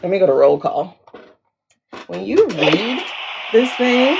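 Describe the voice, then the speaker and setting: A woman hosts a casual livestream and chats in a familiar way, greeting viewers by name and calling them "girl." Her voice has a gravelly edge and swings widely in pitch. The sound is dull and lo-fi, like a downloaded stream. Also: sing-song, normal speed, darkish tone. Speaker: livestream host.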